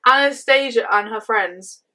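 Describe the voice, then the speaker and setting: A woman's voice: on the high side, pushed and bright. A young woman co-hosting a podcast, chiming in and backing up her friend's story. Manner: chiming in, backing up her co-host, laughing along. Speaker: podcast co-host. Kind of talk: casual chat.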